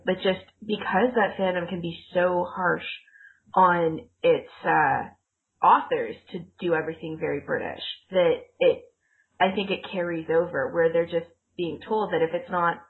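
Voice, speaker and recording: A woman's voice: lowish voice, vocal fry. A woman co-hosting a casual podcast chat, rambling and laughing often as she corrects herself. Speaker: podcast co-host. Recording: tinny phone-like audio.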